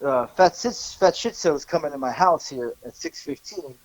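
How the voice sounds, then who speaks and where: Lively 40ish guy ranting on a podcast, a bit high, dry close sound. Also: dry recording, poor audio. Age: about 40. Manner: animated storyteller, fast sarcastic rants. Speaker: podcast co-host. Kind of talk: casual podcast chat.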